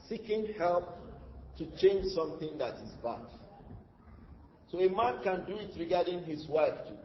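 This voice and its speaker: A man's voice: high-pitched, lively intonation, moderate pace. A man giving a religious lesson, asking rhetorical questions and answering them himself, with Arabic terms that he then explains. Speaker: Islamic teacher. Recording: dull, echoey hall with faint noise.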